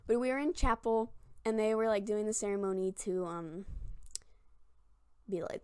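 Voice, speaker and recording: A woman's voice: medium pitch, steady tone, normal speed, pauses often, smooth, no echo, studio quality. A woman of twenty-one telling funny stories to camera in a chatty, self-mocking way, full of "like". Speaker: vlogger. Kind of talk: casual storytelling to camera.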